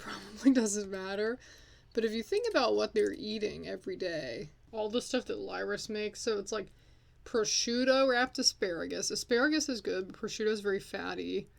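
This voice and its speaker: A young woman gives casual, chatty commentary while playing a life-sim game. She scolds and swears at her characters as she goes, at an ordinary middle pitch. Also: gravelly. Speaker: let's play host.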